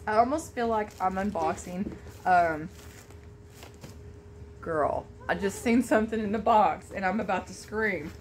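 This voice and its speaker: A woman vlogger chatting to camera at home while unboxing a gift, gushing and excitable. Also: mid-range voice, measured pace, long pauses, slight background noise. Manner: gushing, excitable, Southern-style "y'all". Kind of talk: casual chat to camera.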